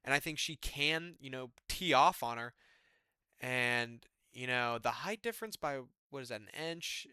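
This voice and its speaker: Young male host, excitable and chatty fight-pick breakdown, bright forceful tone, dry close sound. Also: medium pitch, a little slow, smooth, no room sound. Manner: excitable, chatty, fillers like man and dude. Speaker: MMA fight predictor. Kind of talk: casual fight-card breakdown.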